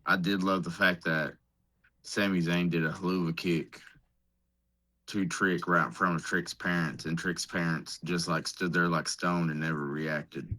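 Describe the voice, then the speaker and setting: A man's voice: deep voice, little pitch movement, a little slow, pushed and bright. A man co-hosting a podcast in a casual chat, making joking asides. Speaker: podcast co-host.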